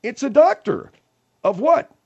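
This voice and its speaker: A man's voice: very high-pitched, a little slow, slightly rough, lo-fi sound. A man hosting a comedic radio bit, talking in an exasperated way. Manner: exasperated, animated. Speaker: radio show host.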